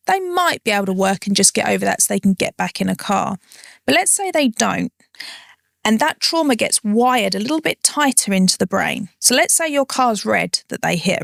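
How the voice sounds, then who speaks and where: A woman's voice: medium pitch, gravelly, fairly bright tone, dry recording, studio quality. A woman psychotherapist as an interview guest, explaining ideas through vivid step-by-step examples.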